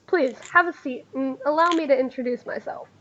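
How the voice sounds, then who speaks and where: A woman voicing a polite, genteel gentleman who speaks in a courteous, measured way. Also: sits high, highs cut off, slight background noise.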